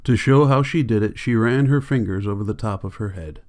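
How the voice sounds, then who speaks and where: A man narrating an audiobook in a calm, measured reading. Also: lowish voice. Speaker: audiobook reader.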